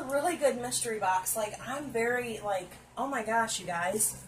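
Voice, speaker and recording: A woman vlogger seated on a stool at home unboxes makeup, chatting casually to camera, gushing, exclaiming, and speaking right to her viewers. Her voice is a little high and she talks at normal speed with hardly any pauses. The recording is rough, with slight background noise.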